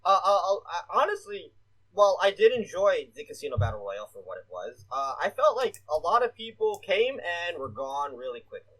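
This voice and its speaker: A man co-hosting a casual podcast in a slightly high voice, rambling along with plenty of "uh" fillers and the odd casual swear. He talks loosely, the way friends chat about last night's show. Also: very animated, normal speed, a bit bright, low-quality recording. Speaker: podcast co-host.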